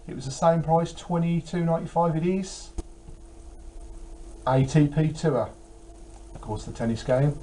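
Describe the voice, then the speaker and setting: A man's voice: on the high side, measured pace, pauses often, mellow, a little hiss or hum, rough recording. Tired, chatty man. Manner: chatty, rambling, with many fillers. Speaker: retro game collector vlogger. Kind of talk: casual chat.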